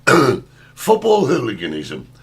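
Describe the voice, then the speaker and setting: A man's voice: mid-range voice, wildly swooping pitch, measured pace, husky. A man co-hosting a casual talk show, reading out viewer comments and giving firm opinions. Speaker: co-host. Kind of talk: casual chat.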